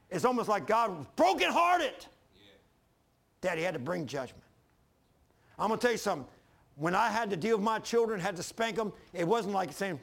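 A man preaching a fervent sermon as pastor, swinging from loud emphasis to hushed lows and calling on the congregation to answer. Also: lively intonation, brisk, vocal fry. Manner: calls for congregation responses.

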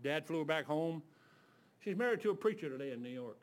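A man's voice: a little high, lively intonation, fairly quick. A man preaching a storytelling sermon. He talks in a folksy way, restarts his sentences often and acts out the voices of the people in his stories. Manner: folksy, with restarts and filler words.

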